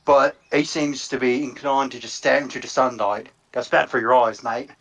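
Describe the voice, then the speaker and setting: A man's voice: mid-range voice, steady tone, normal speed, fairly bright tone. A man voicing an awkward, blunt barbarian who talks in broken grammar. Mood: awkwardly polite.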